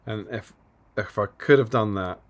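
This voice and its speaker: A man's voice: fairly low pitch, normal speed. A man co-hosting a hobby live stream over a video call, playful and self-deprecating, often trailing off and restarting. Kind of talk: casual chat on a video call.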